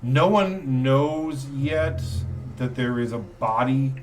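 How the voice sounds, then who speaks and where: A man narrating as game master for a tabletop game, relaxed and rambling with fillers. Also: mid-range voice, slow, faint music behind.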